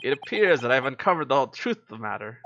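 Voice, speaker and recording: Voicing a pompous, eccentric detective who brags, a streamer reads visual novel dialogue in a quick, sing-song, fairly bright medium-pitched voice, theatrical and self-assured. Game music plays underneath, and the audio is dull with slight background noise.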